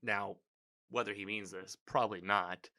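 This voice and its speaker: Male recapper, somewhat low voice with a crisp, forceful edge; loose, chatty, reactive delivery. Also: moderate pace. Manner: rambling, filler-heavy, animated reactions. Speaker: TV episode recapper. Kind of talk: casual spoken episode recap.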